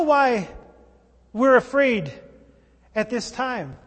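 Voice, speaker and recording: A man with a high voice delivers a sermon at an unhurried pace, talking to the congregation like a friend. His tone is wry and conversational, now and then rising into emphatic outbursts, and the words ring out with the long reverb of a large church sanctuary. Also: lively intonation. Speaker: pastor.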